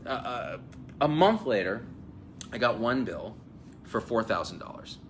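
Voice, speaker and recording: Animated forty-something man hosting a live chat. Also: medium pitch, unhurried, a little hiss or hum. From New Jersey, US. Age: 40s. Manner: animated, storytelling, acts out quotes. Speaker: host. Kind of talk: energetic live-stream chat. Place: hotel event space with crowd.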